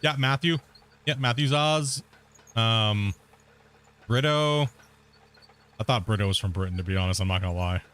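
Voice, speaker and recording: A man's voice: fairly low pitch, moderate pace, pauses often, a bit bright, smooth. A man streaming a game, chatting casually with his viewers and laughing often. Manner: chatty, talks straight to viewers in chat, frequent laughter. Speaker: gaming streamer. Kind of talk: casual livestream chat.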